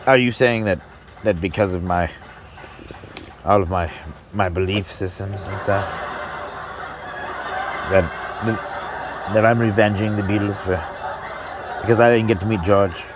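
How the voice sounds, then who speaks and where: A man's voice: lowish voice, fairly even intonation, measured pace, long pauses, background noise. A man doing a stand-up comedy set in a club, rambling, breaking off mid-sentence and laughing at his own jokes.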